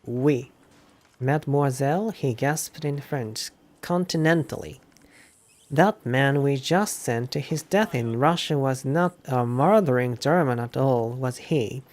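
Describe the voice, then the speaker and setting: A man, a Japanese native speaker, streaming a game and slowly reading English lines aloud, repeating words and looking them up. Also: medium pitch.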